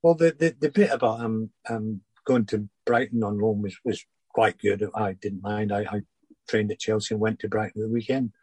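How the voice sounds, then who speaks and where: An older man with a low, husky voice, recounting stories at an unhurried pace. He stumbles and restarts often, chuckling as he goes. The sound is dry and close. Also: darkish tone, no echo, poor audio. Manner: halting, many restarts and fillers, laughs through anecdotes. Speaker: former footballer guest. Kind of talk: relaxed interview storytelling.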